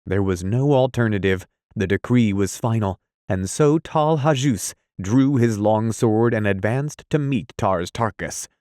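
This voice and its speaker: A man's voice: lowish voice, expressive, a little slow, hardly any pauses, a little mellow, no echo, clean studio sound. A man reading a classic adventure novel aloud as an audiobook, telling it steadily in the first person. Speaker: audiobook reader. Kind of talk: scripted storybook narration.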